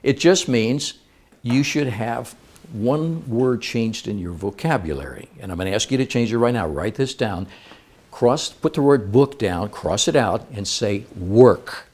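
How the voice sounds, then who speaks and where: Animated man giving a seminar talk. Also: medium pitch, a little slow. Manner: lively, playful, engages audience with questions. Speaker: seminar speaker.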